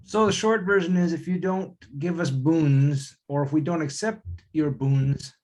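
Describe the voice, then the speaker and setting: A man's voice: a little high, measured pace, darkish tone. Hesitant man at a game table. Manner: hesitant, with fillers. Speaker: player. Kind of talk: casual game chat. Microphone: video call.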